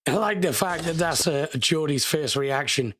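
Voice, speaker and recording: A man's voice: on the high side, fairly bright tone, slight background noise. A man co-hosting a casual chat, tossing in dry, crude remarks. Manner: slow, dry, crude quips. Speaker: co-host.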